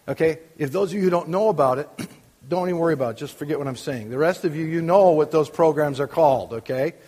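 A man's voice: on the high side, fast, a little mellow, big-room sound. An older man preaching as a pastor, conversational and full of questions to the congregation. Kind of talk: sermon. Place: church.

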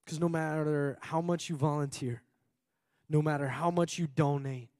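With a slightly high, a little mellow voice and a steady tone at normal speed, a male pastor from Minnesota gives an earnest sermon. He repeats phrases frequently for emphasis and laughs at times. The studio-quality audio carries no room sound.

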